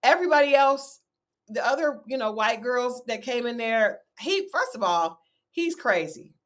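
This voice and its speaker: A woman hosting a relaxed recap chat. She talks in a chatty, animated way and keeps asking her guest questions. Her tone stays casual and conversational. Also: on the high side, moderate pace. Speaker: host.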